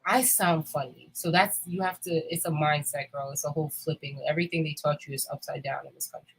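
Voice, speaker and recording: A woman's voice: deep voice, fairly even intonation, fairly quick, slightly rough, poor audio. A woman in candid casual chat, talking bluntly and emphatically with frequent swearing. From United States.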